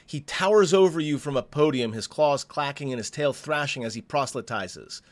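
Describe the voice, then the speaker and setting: A man's voice: medium pitch, lively intonation, moderate pace. A man hosting a game playthrough, reading the story text aloud and breaking off for chatty asides. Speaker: let's play host.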